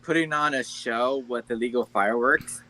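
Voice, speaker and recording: A man's voice: medium pitch, moderate pace, bright, forceful tone, rough recording. A man joining a casual live stream chat and explaining things eagerly.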